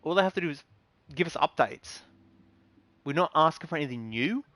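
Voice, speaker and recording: A man's voice: fairly high pitch, animated, fairly quick, a bit bright, dry recording. A man hosting a casual gaming vlog, ranting in a rambling, aggrieved way with lots of ums and restarts. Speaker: gaming channel host.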